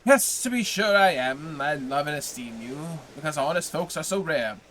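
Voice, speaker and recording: A man's voice: fairly high pitch, expressive, moderate pace, fairly bright tone, slight background noise. A man reading aloud, voicing a grizzled, worldly male tailor neighbor who talks in a hearty, overly familiar way.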